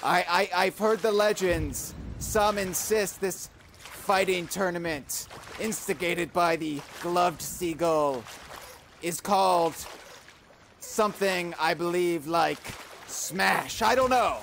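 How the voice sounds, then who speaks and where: A man's voice: high voice, takes it slowly, gravelly, a bit bright, slight background noise. A man hosting a comedy podcast, improvising banter in a pirate persona and often stammering and rambling as he jokes. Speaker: podcast host.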